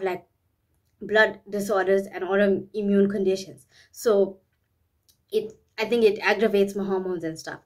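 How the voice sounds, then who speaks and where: A woman's voice: medium pitch, a little mellow. A woman vlogging in a candid, rambling way, often repeating herself and speaking openly about private matters. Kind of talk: candid personal vlog talk.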